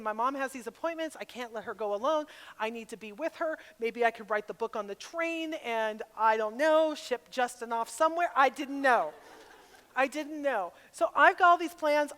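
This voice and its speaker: A middle-aged woman speaking at a women's retreat, telling a personal story with animated, sometimes loud bursts. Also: high-pitched. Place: large hall at a camp retreat. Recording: long reverb of a large hall.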